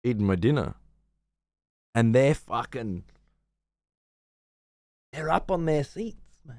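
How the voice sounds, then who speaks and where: Australian streamer, foul-mouthed rambling rant, dry close sound. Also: male voice, mid-range voice, sing-song, takes it slowly, darkish tone, no room sound. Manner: profane, rambling, sarcastic. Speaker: livestreamer. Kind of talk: casual livestream rant.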